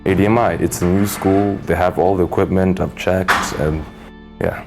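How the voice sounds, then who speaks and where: Deep-voiced young man telling stories. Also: moderate pace, music in the background. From East Africa. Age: young adult. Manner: animated storytelling with acted-out voices. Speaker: guest. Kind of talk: casual interview chat.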